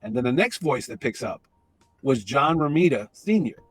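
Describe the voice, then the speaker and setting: A man in his fifties, an interview guest, telling an animated anecdote. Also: mid-range voice, husky, soft background music. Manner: animated, fast-talking storyteller. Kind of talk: storytelling anecdote.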